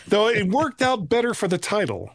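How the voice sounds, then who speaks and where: A man's voice: sits high, wildly swooping pitch, moderate pace, breathy edge. A man from the United States hosting a podcast, chatting playfully and often breaking off mid-sentence. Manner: playful, self-interrupting, mock-formal. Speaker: podcast host. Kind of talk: casual chat.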